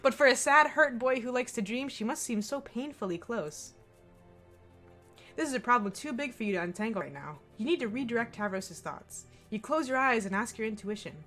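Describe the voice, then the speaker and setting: A woman reading a visual novel's second-person narration aloud in an expressive, playful way. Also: on the high side, a little fast, soft background music.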